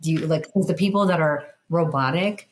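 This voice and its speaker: A woman talking as a guest in a casual interview, explaining her points in an animated, emphatic way with plenty of "like". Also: low-pitched, fairly quick, poor audio. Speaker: guest, communication educator.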